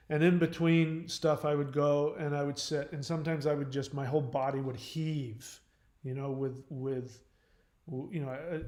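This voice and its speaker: A man's voice: fairly high pitch, darkish tone. A man hosting a live-stream advice talk, speaking bluntly and frankly in a loose, rambling way. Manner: loose, rambling delivery with many fillers and restarts. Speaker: channel host on relationships and codependency. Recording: roomy echo.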